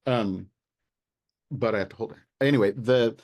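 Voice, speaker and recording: An American man talking as a guest in a casual interview, animated and exasperated, with many restarts and fillers. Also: fairly low pitch, moderate pace. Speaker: local party official, guest.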